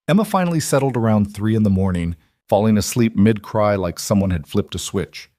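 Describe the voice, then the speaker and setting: A man reads a story aloud in an even, unhurried way. His voice sits low, and the recording is close and dry with no room sound. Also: no echo. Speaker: narrator. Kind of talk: scripted narration.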